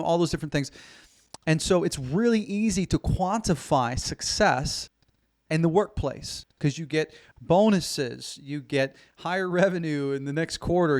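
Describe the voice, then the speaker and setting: A man, an executive coach, speaking as a podcast guest in an earnest, storytelling way. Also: a little high. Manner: earnest, storytelling, quotes his clients. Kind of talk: podcast interview.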